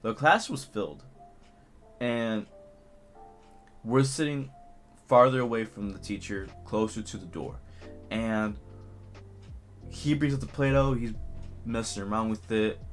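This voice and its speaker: A man, telling a school story in a rambling, animated way full of fillers. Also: on the low side, a little slow, pauses often, faint music behind. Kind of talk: casual story time.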